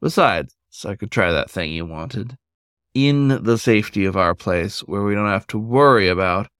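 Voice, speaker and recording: A man's voice: fairly low pitch, normal speed, fairly bright tone, clean tone, dry recording, clean studio sound, close to an everyday voice. A man voicing an anxious, bratty male wolf with a snappy, barking way of talking. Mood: playful.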